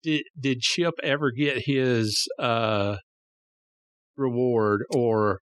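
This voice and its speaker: A man's voice: mid-range voice, extremely slow, no echo. A man hosting a podcast, reacting briefly and asking follow-up questions. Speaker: podcast host. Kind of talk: interview.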